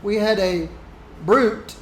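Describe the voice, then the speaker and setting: Chatty male streamer, high voice, roomy sound with faint hiss. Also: slow pace. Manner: chatty, rambling, laughs often. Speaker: gaming streamer. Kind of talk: casual gameplay commentary.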